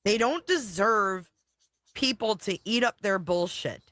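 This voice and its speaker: A woman's voice: mid-range voice, expressive, measured pace, a bit bright, dry recording. A woman hosting a casual reaction stream, blunt, profane and exasperated as she comments. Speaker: livestream commentary host.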